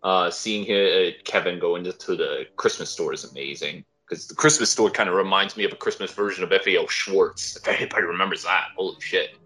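A man with a lowish voice and a bright, forceful tone chats casually on a podcast. He rambles emphatically and swears now and then. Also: fairly quick, few pauses. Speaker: podcast co-host. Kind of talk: casual chat.

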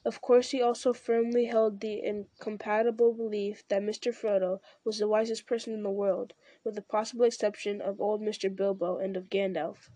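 A woman narrating a story in a measured, even audiobook reading. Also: mid-range voice, dry recording. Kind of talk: scripted narration.

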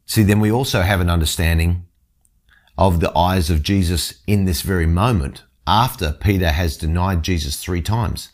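A man's voice: sits low, moderate pace. A man reading a scripture passage and then explaining it in an earnest teaching style, often restarting his sentences. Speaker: Bible teacher.

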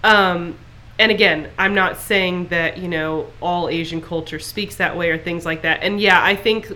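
A woman talks through her thoughts in a relaxed podcast chat, circling back and leaning on filler phrases. Her voice sits low but comes across bright and forward. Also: unhurried. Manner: rambling, heavy on filler phrases. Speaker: podcast co-host. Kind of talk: casual chat.

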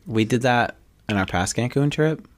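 Man, podcast co-host, animated pitch, playful, jokey, casual chat. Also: normal speed. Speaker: podcast co-host listening and reacting.

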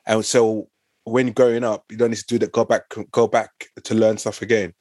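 A man's voice: fairly low pitch, flat delivery, moderate pace, a little mellow, dry recording. A man in casual podcast chat, earnest and opinionated, restarting his sentences often.

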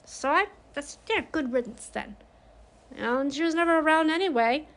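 A woman's voice: high-pitched, normal speed, a bit bright. A grieving woman speaking frankly and confidingly in a personal monologue, with emphatic bursts.

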